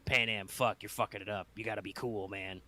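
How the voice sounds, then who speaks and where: A man doing a chill biker gang elder who drawls slow and low. His tone stays easygoing, and the voice sits a little quieter and deeper than a plain speaking voice. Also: steady tone. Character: laid-back male biker gang elder, mellow drawl.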